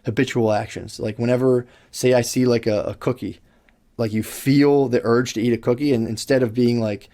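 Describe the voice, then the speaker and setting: A man's voice: medium pitch, steady tone, moderate pace, warm tone. A young man co-hosting a podcast in casual chat, talking in long, looping sentences full of "like", restarts and swearing. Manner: rambling, swears freely, many restarts and "like". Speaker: podcast co-host. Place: podcast studio.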